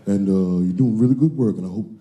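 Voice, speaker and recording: A man putting on a deep, courteous celebrity voice. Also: fast, dark tone, natural voice. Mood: cordial.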